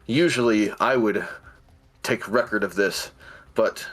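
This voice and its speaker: A man's voice: fairly low pitch, slow pace, fairly bright tone. A man narrating as game master of a tabletop game, hesitant with restarts. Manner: hesitant, many fillers and restarts.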